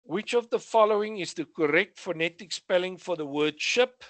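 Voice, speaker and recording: At a normal speed with hardly any pauses, a high-voiced South African man runs through radio exam questions for revision. He reads each one, gives the answer, and adds brief comments. His tone is a bit bright, and no room sound is audible.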